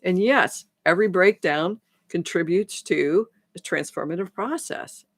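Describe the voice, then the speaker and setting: A woman's voice: lowish voice, measured pace, few pauses, no room sound. A woman coach talks through a live stream, her thoughts looping back with frequent restarts as she acts out little conversations. The sound is dry and close, with no room around it. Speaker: transformation coach. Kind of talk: live-stream talk to viewers.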